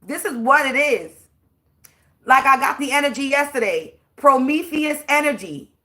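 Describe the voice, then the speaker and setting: A woman's voice: high-pitched, expressive, moderate pace, sharp tone. A woman, a spiritual reader, ranting on a livestream in a blunt, profane and preachy way, drawing out words for emphasis. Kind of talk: livestream rant.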